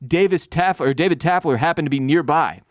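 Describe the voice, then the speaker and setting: A man putting on the voice of a calm, overly polite middle-aged male official, speaking in a soothing, reassuring way while retelling a scene. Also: a little high, fairly quick, no room sound, clean studio sound, natural voice. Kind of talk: acted quote in a podcast recap.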